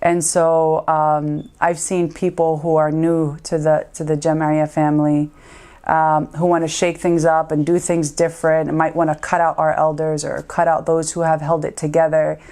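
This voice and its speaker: Woman in her 30s, low deep voice, talking sincerely in a tribute interview, lots of ums. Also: flat delivery, normal speed, dark tone. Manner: earnest and heartfelt, with many "um" and "uh" fillers. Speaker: community lawyer giving a tribute.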